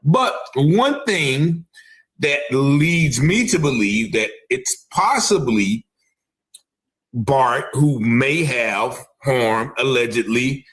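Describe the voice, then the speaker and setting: A man's voice: medium pitch, expressive, extremely slow, fairly bright tone. Guy on a livestream, mid voice, speculating, keeps circling back and hedging. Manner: speculative, repeats himself, hedging. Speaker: online commentator. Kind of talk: live-stream commentary.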